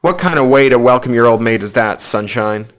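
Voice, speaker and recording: A man's voice: mid-range voice, brisk, a bit bright, lightly acted. A man voicing a smug prankster friend who teases in a chummy, mocking way.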